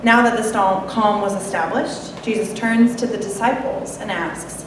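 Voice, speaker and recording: A woman's voice: medium pitch, normal speed, background noise. A woman delivering a sermon in a conversational way, with wry asides. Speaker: preacher. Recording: echoey hall, mic far off.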